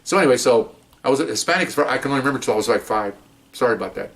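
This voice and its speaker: A retired police officer in his sixties, telling a courtroom anecdote in a jokey, animated, chuckling way. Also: medium pitch, rapid-fire, vocal fry.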